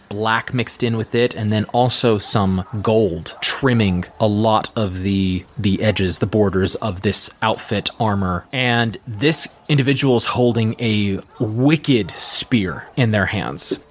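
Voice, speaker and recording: A man narrating as the game master of a tabletop game, describing scenes in a relaxed way with frequent fillers. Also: fairly low pitch, a little slow, slight background noise.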